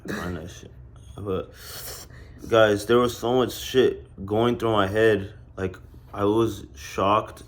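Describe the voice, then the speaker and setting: Low-voiced, blunt young man. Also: steady tone, slow pace. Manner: blunt, profane, subdued. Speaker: vlogger. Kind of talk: emotional storytime vlog.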